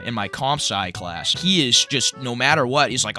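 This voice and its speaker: A man's voice: medium pitch, a little fast, hardly any pauses, sharp tone, faint music behind. A young man in college, ranting bluntly and crudely through a comedic tier list, stammering and restarting as he goes. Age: young adult. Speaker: college student vlogger.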